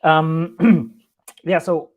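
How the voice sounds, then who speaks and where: A man's voice: on the high side, flat delivery, drawn-out words, phone-quality sound. A man on an online panel speaking in a rambling way, restarting his sentences and often asking "right?". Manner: rambling, many restarts, keeps adding "right?".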